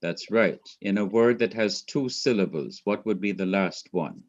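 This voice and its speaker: A man's voice: on the low side, normal speed, dull audio. A man teaching a class, explaining step by step, repeating his points and quizzing a student. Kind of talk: class lecture.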